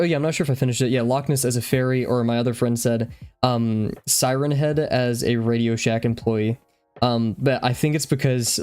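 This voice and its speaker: A man's voice: mid-range voice, darkish tone. Breathless, rambling young man streaming. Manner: rambling, easily distracted. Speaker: drawing live-streamer. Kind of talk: casual live-stream chat.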